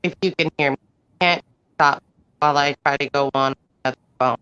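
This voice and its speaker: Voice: medium pitch, fairly even intonation, a little fast, pushed and bright, clear, resonant tone, dry recording. A defense attorney in a mock trial speaks hesitantly with many fillers. The voice is muffled and completely dry, as a video call carries it. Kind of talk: courtroom talk on a video call.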